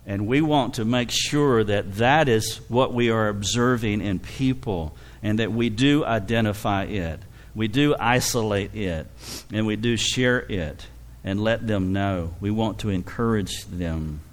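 Middle-aged male pastor, heartfelt sermon, tearful and warm with laughter. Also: on the low side, measured pace. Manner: emotional, tearful storytelling with frequent laughs. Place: church.

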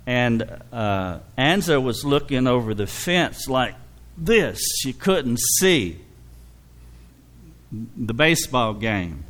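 A man's voice: mid-range voice, big pitch swings, slow pace, fairly bright tone. Emotional middle-aged man preaching a sermon. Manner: emotional, tearful storytelling with frequent laughs. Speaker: pastor. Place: church.

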